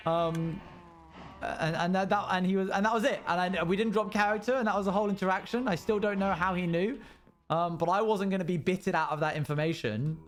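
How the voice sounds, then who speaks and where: Chatty man streaming live, slightly high voice. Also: a little fast. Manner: rambling anecdotes told to chat; acts out quotes in a raised voice. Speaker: livestreamer. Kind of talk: casual live-stream chat.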